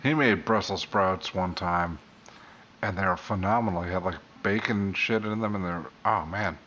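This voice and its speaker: A man's voice: sits low, moderate pace, fairly bright tone, lo-fi sound, slight background noise. A man chatting loosely on a podcast, rambling and swearing casually. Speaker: podcast co-host. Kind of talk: casual chat.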